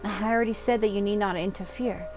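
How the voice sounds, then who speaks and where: A woman's voice: medium pitch, steady tone, fast talker, darkish tone, lightly acted, poor audio. Gal doing a grave little spirit girl, weird formal accent, game music faint behind. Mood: resigned. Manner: reads in an odd put-on formal accent. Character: solemn female Pari spirit, dutiful and self-sacrificing. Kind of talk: reading game dialogue aloud.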